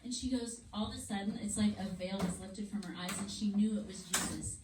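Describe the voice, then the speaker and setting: A woman teaching a Bible story lesson to children in a church classroom, with an animated storytelling manner. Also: medium pitch, a little fast. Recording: echoey room, far mic, noisy.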